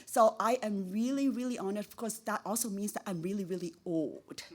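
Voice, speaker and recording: A woman's voice: medium pitch, a little fast. A middle-aged woman giving an emotional acceptance speech as an award-winning professor, effusive and repeating words for emphasis, laughing at herself.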